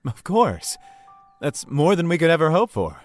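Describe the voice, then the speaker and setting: A man voicing a polite, flirtatious male town official in a video game, smooth and persuasive. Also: fairly high pitch, big pitch swings, measured pace, faint music behind. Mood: courteous.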